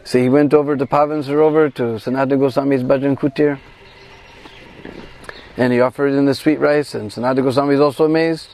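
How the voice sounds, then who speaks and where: A man guiding a pilgrimage, telling a devotional story in an animated way and acting out the quoted voices. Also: mid-range voice, quick pace. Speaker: pilgrimage guide and devotional speaker. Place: at a shrine on pilgrimage.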